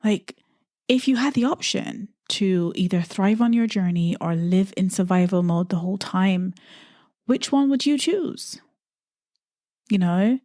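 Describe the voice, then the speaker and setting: A woman's voice: mid-range voice, darkish tone, no echo, studio quality. A woman from the Caribbean hosting a podcast, speaking to listeners in an earnest, encouraging, conversational monologue full of "you know" asides. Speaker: podcast host.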